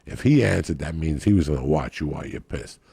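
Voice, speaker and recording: A man's voice: extremely low pitch, animated, fast talker, gravelly, breathy edge, dry recording. A man telling a raunchy story on a podcast in a brash, profane way. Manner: brash, profane, builds to laughing shouts.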